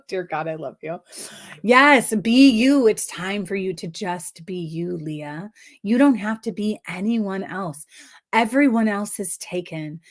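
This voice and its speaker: A woman's voice: medium pitch, darkish tone. A woman giving live numerology card readings, effusive and giggly, often repeating affirmations. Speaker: numerology reader.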